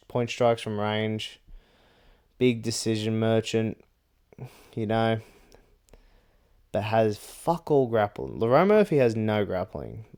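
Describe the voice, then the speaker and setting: A man's voice: lowish voice, a little mellow, clear, resonant tone. A young man giving casual MMA fight predictions in a blunt, rambling rant full of swearing and "like" and "bro".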